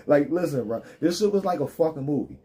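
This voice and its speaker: A man's voice: fairly high pitch, expressive, moderate pace, dark tone. A man live streaming, ranting in loose, joking street slang with plenty of swearing. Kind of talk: casual profane rant.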